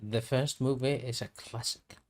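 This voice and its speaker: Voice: mid-range voice, steady tone, measured pace. A player in casual chat before a tabletop game, joking and teasing.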